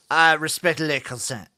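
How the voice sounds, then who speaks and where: A man's voice: fairly high pitch, sharp tone, dry recording, clean studio sound. A man co-hosting a casual sports livestream, teasing and joking while he follows the game. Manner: wry, teasing, laughs easily. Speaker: livestream co-host. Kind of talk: casual sports-watching banter.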